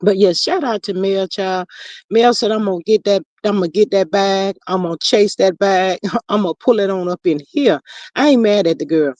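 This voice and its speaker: A woman's voice: medium pitch, moderate pace, a little mellow, dry recording, muffled recording. A woman hosting a livestream in casual chat, reading out viewers' comments in a folksy drawl full of slang. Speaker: livestream host.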